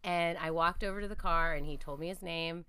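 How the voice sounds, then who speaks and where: Low-voiced, crisp woman telling earnest stories. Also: fairly even intonation, a little fast, pushed and bright, no echo. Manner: earnest, reflective storyteller. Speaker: podcast guest. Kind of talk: conversational faith podcast interview.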